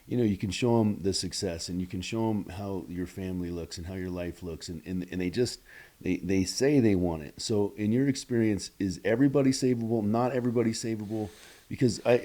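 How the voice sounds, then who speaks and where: A man with a very low, dark voice hosts a casual podcast chat. His questions ramble, halt and restart as he works his way to the point. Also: brisk. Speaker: podcast host.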